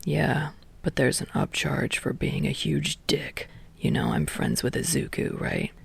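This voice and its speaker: A woman's voice: low-pitched, big pitch swings, measured pace, creaky, slightly rough, voice pushed down, exaggerated voice. A woman voicing a smug, laid-back young male barista who speaks dry and unbothered, half-whispered.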